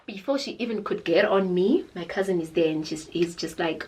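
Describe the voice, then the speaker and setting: A young woman with a South African accent, telling a storytime tale in a dramatic, animated way. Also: lowish voice, fairly quick, heavy background noise. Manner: animated, dramatic, code-switching into Zulu. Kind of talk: casual storytime chat.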